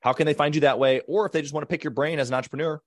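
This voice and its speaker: In a dry, studio-quality recording, a podcast host speaks very fast in a higher voice with fairly even intonation. He interviews his guest conversationally, regularly voicing agreement and affirmation.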